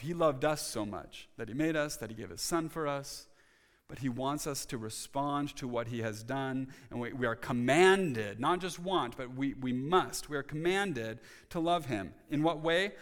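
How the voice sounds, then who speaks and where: A male pastor preaching a sermon in an earnest manner, often restarting his sentences and pressing hard on key points. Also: mid-range voice. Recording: long reverb of a church hall.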